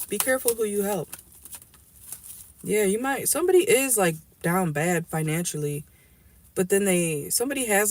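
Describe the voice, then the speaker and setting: A tarot reader in a car giving a casual, rambling and blunt reading to viewers, swearing freely. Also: mid-range voice. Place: inside a car.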